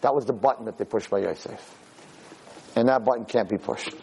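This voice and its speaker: A man giving a lively Torah lecture, who acts out scenes of shouting parents to make his points. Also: fairly quick, vocal fry, slight background noise, rough recording. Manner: animated, acts out shouting parents in high pitch. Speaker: Torah teacher.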